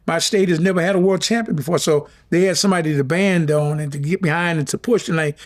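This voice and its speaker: A man's voice: a little high, quick pace. A middle-aged man, talking casually and from the heart as an interview guest, often repeating himself. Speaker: former boxing champion, guest.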